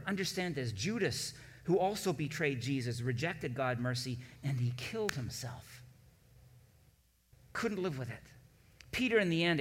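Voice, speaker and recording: A man's voice: mid-range voice, breathy edge. Male pastor preaching in a reverberant hall. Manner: preaching with swelling emphatic peaks. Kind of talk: sermon.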